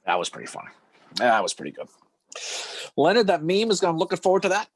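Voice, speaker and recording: A man's voice: sits high, huge pitch swings, fast talker, husky, dry recording. A man co-hosting a casual history chat, rambling with restarts and laughing often. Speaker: podcast co-host.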